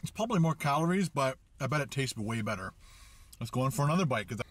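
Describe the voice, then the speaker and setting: A man's voice: medium pitch, animated, fast, fairly bright tone. A middle-aged man reviewing sandwiches in his car, chatting casually while chewing and talking with his mouth full. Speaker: food reviewer. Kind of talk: casual food review vlog.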